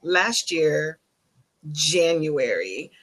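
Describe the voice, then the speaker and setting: A woman who works as a psychic and Reiki master, telling a candid, animated story in a casual group video chat. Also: deep voice, very slow, low-quality recording.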